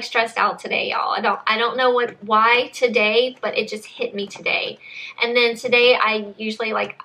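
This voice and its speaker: A woman's voice: on the high side, bright, forceful tone. A young woman chatting casually to camera as a book vlogger, rambling with frequent restarts and saying y'all.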